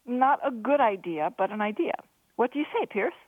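A woman voicing a cheeky young male ship's crewman with wheedling, quick-witted banter. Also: on the high side, expressive, no room sound, voice pushed up. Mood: teasing. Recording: dry, phone-like narrow sound.

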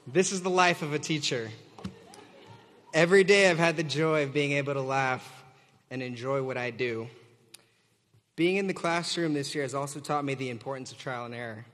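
A man's voice: mid-range voice, normal speed, pauses often, slight background noise. A young man, a graduating student teacher, gives a joking and earnest commencement speech at a podium microphone. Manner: joking, warm and earnest, leads audience cheer. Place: large hall. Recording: reverberant auditorium.

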